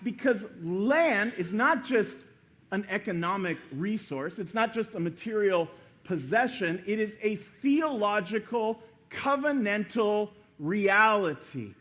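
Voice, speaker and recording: A man preaching a sermon as pastor in church, telling a story with lively acted-out voices. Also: sits high, slow. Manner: animated storytelling, acting out quoted voices.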